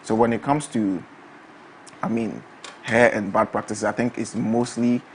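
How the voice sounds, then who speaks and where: A young man, a barber answering interview questions softly and hesitantly, with many fillers. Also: fairly low pitch, steady tone, measured pace, a little hiss or hum, rough recording. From Ghana. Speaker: guest barber.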